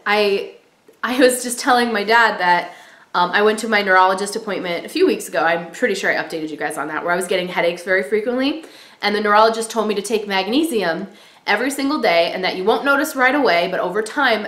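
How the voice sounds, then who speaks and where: A woman's voice: medium pitch, fairly bright tone. A young pregnant woman vlogging in a casual, chatty way, full of "like" and "you know.". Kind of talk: casual chat. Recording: echoey room.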